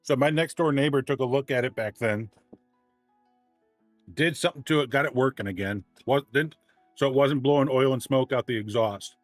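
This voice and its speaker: A man casually telling a long story on a livestream, ranting and animated, often restarting his sentences. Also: medium pitch, normal speed, no room sound, faint music behind.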